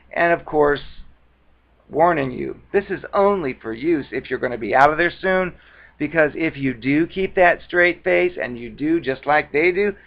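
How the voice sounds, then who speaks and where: A man with a voice pitched a little above the usual talks straight to camera in an easy, conversational advice monologue. He slips into quick acted bits when quoting others. The recording sounds dull and lo-fi. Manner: conversational, acts out quoted retorts. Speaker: advice vlogger. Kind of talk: casual talking-head monologue.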